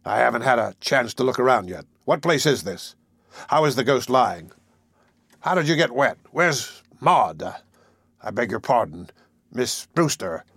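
A man reads a hard, domineering sea captain from a storybook, speaking slowly and with open contempt. His voice sits at a middle pitch and sounds close and dry, with no room around it. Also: expressive, fairly bright tone, husky, no echo, full character voice. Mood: scornful. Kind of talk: audiobook character voice.

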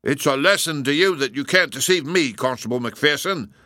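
A man's voice: mid-range voice, lively intonation, moderate pace, sharp tone, dry recording, clean studio sound, pitched above the performer's own voice. A man voicing a brusque, self-important police inspector. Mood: pompous. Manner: brusque, pompous.

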